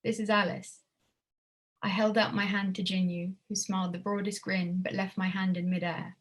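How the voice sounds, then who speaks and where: A woman reading her own prose at a literary evening, measured with a wry tone. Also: mid-range voice, little pitch movement. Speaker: student writer reading her work.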